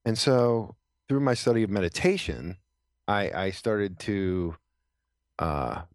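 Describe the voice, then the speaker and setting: Speaking slowly and animatedly in a fairly low voice, a middle-aged veteran recounts his story as a podcast guest in Los Angeles. The casual storytelling interview is earnest and rambling, full of fillers and restarts, with clean, echo-free studio sound.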